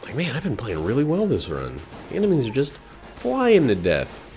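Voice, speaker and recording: A man casually commenting while he streams a video game, rambling, joking and breaking into excited outbursts. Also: medium pitch, normal speed, faint music behind. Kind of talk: casual let's-play commentary.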